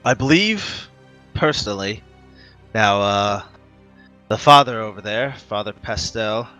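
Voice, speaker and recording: A man's voice: lowish voice, lively intonation, unhurried, sharp tone, faint music behind. A man doing a blunt older master of arms. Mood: stern.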